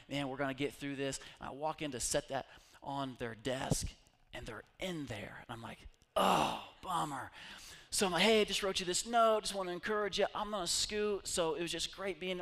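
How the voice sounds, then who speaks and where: A middle-aged man preaching a sermon, telling stories and swinging between loud calls and hushed retelling. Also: a little high. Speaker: pastor.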